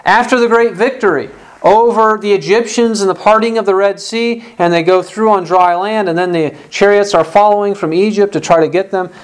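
A man's voice: high-pitched, steady tone, a little fast, clean tone, low-quality recording. A man preaching a sermon, a parent, emphatic and stressing points by repeating phrases. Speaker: pastor.

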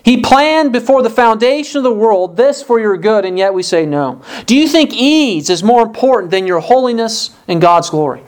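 An earnest preacher delivers a sermon, pressing the listeners with one rhetorical question after another. The voice sits at a middle pitch and keeps a steady, urging tone. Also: normal speed, hardly any pauses. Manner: acts out complaining voices in quotes.

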